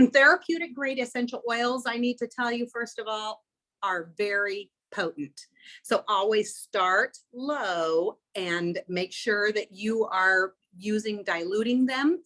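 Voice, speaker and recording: A woman's voice: mid-range voice, fairly bright tone, poor audio. Earnest woman presenter reading aloud. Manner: reads passages and affirmations aloud from a book. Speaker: workshop presenter. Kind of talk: informal presentation to a small group.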